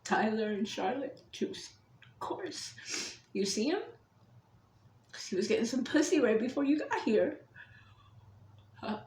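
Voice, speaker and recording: Woman venting her story, high voice, whispers then yells, cusses a lot, echoey room with a bit of hiss. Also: very animated, a little slow, pauses often. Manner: shifts between hushed whispers and loud outbursts, swears a lot. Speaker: mother telling her story. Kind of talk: emotional personal storytelling.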